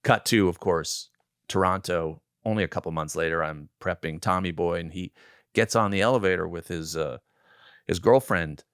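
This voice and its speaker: Lively sixties man telling set stories. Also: low-pitched, normal speed, clear, resonant tone, dry recording, clean studio sound. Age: 60s. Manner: animated storyteller who acts out quoted lines. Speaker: film director, guest. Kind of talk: interview storytelling.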